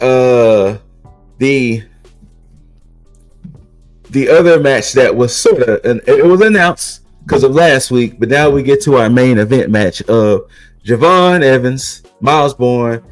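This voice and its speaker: A man's voice: mid-range voice, no room sound, poor audio. A man co-hosting a podcast, recapping in casual chat and rambling with repeated restarts. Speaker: podcast co-host recapping wrestling.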